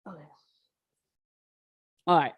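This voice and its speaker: A woman's voice: slow pace, no room sound. A woman talking casually to viewers on a livestream, chatty and slangy, drifting between asides and opinion. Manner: chatty, slangy, animated, addresses viewers as y'all. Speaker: political commentator livestreaming.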